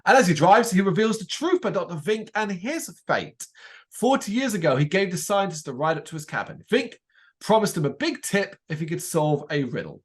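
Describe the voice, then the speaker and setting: High-voiced and brisk, this man co-hosts a podcast and offers an easygoing recap of a TV episode. He tells it animatedly and plays out the quoted lines himself.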